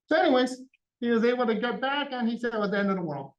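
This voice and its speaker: A middle-aged guest speaker in an event hall tells a family story conversationally, acting out the dialogue between himself and his father. His high voice moves fast with lively intonation, but he is far from the mic and the sound is dull.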